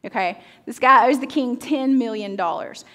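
Woman pastor, sermon delivery, higher voice, dramatic scripture reading. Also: normal speed, fairly bright tone. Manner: dramatic reading, asks the audience questions. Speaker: teaching pastor.

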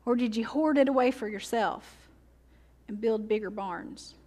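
A woman teaching pastor delivering a sermon, slowing down to read scripture aloud and adding joking asides and rhetorical questions. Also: a little high, a little mellow. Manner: reads scripture slowly and deliberately.

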